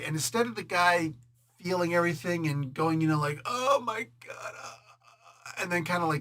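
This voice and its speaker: A man talks through a comic book review in a casual, joking way, laughing often and playing out characters' lines in quick voices. His voice sits a bit high and sounds bright and forceful. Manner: animated and jokey, laughs often, does quick voices when quoting.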